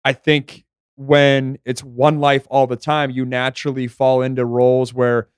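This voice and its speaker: Relaxed young man with a smooth voice. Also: mid-range voice, unhurried, no echo, studio quality. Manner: relaxed, reflective, thinks aloud with restarts. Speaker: recurring podcast guest. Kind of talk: casual chat.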